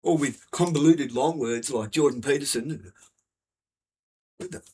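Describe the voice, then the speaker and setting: A man's voice: medium pitch, unhurried, dark tone, slightly rough. A man giving a blunt, profane, repetitive rant to camera. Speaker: vlogger.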